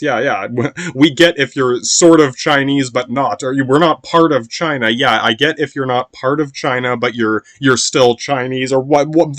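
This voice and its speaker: A man's voice: medium pitch, fairly bright tone, no echo. A man in a rambling, casual monologue as a podcast host, swearing often and restarting his sentences. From United States. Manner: rambling, profane, sprinkled with "yeah" and restarts.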